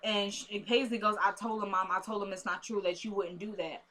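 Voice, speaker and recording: Bright-voiced woman recapping a show. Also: medium pitch, fairly quick. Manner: animated, recaps scenes acting out lines. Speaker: TV recap host. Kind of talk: casual episode recap.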